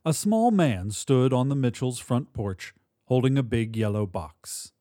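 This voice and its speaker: A man hosting a fiction podcast and reading a short story aloud in a measured, deliberate way. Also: medium pitch, expressive, warm tone, no echo, studio quality. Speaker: podcast host and narrator. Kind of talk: scripted story narration.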